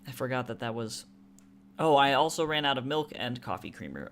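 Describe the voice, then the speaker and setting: A streamer sketches live and talks in a sing-song, slightly quick ramble packed with fillers and asides, reading chat aloud and jumping up in pitch and volume to joke. Faint background noise is audible.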